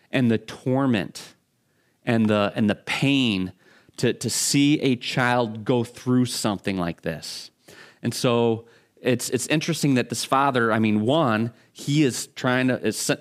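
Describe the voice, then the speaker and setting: A man preaching a sermon as a pastor, talking in a conversational, halting way with frequent restarts. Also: medium pitch.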